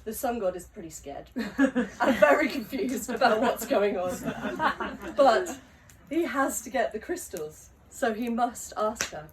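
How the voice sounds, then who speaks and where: A woman telling a story aloud at a live gathering, unhurried and often laughing mid-sentence, in a live recording from a distance. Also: fairly high pitch, expressive, background noise.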